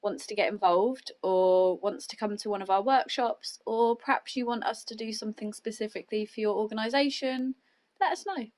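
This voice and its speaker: A woman's voice: fairly high pitch, brisk, a little mellow. A woman hosting a podcast, chatting reflectively in a rambling way with many restarts. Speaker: podcast host. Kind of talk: casual chat.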